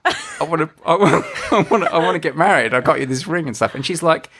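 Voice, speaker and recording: A man's voice: on the high side, fast, noisy background. A man co-hosting a podcast, telling a story in casual chat and acting out the quoted voices. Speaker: podcast co-host.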